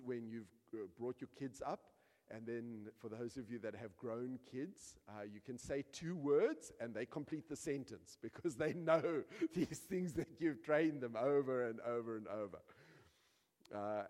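A man preaching a sermon as a pastor, telling stories with acted-out quotes and building emphasis. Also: mid-range voice. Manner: animated storytelling with acted quotes and rising emphasis. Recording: long hall reverb.

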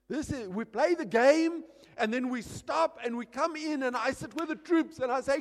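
A man preaching a sermon as pastor, animated, dropping quiet and then shouting, acting out little scenes. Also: extremely high pitch, normal speed, in a large hall.

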